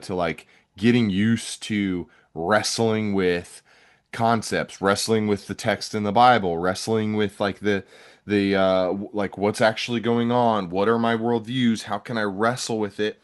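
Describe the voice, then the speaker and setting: A man's voice: lowish voice, fairly even intonation, measured pace. A man hosting a podcast, talking in a casual, rambling way with many restarts. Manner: rambling, frequent restarts and fillers. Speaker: podcast host.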